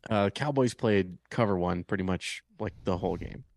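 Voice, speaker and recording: Male co-host, lower voice, dry close sound, playful with a fretful streak. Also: moderate pace, darkish tone, no echo. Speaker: podcast co-host. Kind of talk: casual sports podcast chat.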